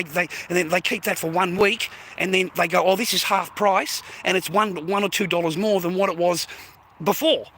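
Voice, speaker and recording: Australian man, loose walk-and-talk streamer, high bright voice, faint street noise. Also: creaky. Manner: chatty, rambling, peppers speech with "mate" and "bro", swears. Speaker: live streamer. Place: outdoors, walking along streets. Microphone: phone held while walking.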